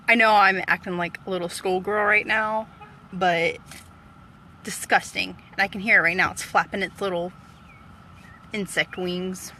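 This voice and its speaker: A woman talks into her phone from a parked car, squealing and exclaiming as she frets. Her delivery is unhurried, with drawn-out words between the outbursts. Faint traffic noise hums behind her. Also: medium pitch, steady tone, pushed and bright. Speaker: vlogger. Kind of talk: casual live-stream chat.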